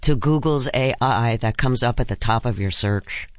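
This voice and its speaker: A man in his thirties interviews a guest, pressing with follow-up questions. His voice sits at a middle pitch and is recorded dry and close. He sounds like a host in a studio. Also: normal speed, no echo. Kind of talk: interview conversation.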